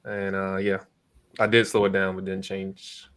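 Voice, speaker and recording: A man co-hosting a casual podcast chat, speaking in a relaxed way with frequent hesitations; English is not his first language. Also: low-pitched, clean tone. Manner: relaxed, speaks slowly and evenly, many "uh" fillers. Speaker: co-host, real estate investor.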